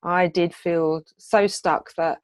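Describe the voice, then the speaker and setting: Middle-aged woman coach telling her own story, earnest, lowish voice, dry close sound. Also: fairly even intonation, slow, no echo. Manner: earnest and heartfelt, with frequent hesitations. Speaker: hypnotherapist and wellness coach. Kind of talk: personal testimony in a coaching video.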